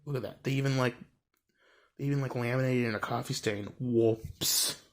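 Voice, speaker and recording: A young vlogger shows his book collection in a casual chat from a room at home with bookshelves. He speaks at medium pitch and a moderate pace with fairly even intonation, rambling through fillers and wry asides.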